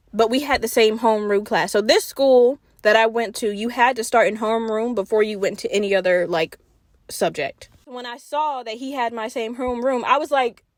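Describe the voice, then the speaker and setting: A woman hosting a podcast, telling a personal story in a casual, animated way, swearing freely and acting out her own quotes. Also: fairly high pitch, no echo, studio quality. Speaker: podcast host.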